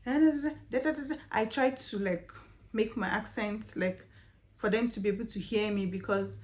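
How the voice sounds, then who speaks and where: A young woman with a Nigerian accent tells a personal story straight to her viewers. She talks in a chatty, animated way, scattering fillers and rhetorical questions as she goes. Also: mid-range voice. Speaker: vlogger. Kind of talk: casual storytelling vlog.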